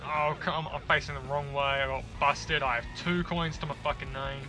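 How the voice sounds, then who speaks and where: A young man with a fairly high voice talks through a video game at home, cursing freely, groaning and poking fun at himself. Game music plays clearly under his voice. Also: level tone, fairly quick, low-quality recording. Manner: sweary, self-mocking, yelps and groans at the game. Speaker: gaming video creator. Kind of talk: casual let's-play commentary. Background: video game music and sounds.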